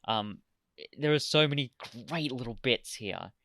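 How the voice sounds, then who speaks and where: A man's voice: mid-range voice, lively intonation, unhurried, fairly bright tone, no echo. A man co-hosting a casual review podcast, chatty and enthusiastic, with frequent filler ums. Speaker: podcast co-host.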